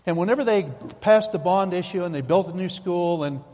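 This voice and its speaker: A man's voice: high-pitched, a little fast, a little mellow. A man preaching a sermon in a folksy, emphatic way, repeating his key phrases, in a church sanctuary. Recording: long hall reverb.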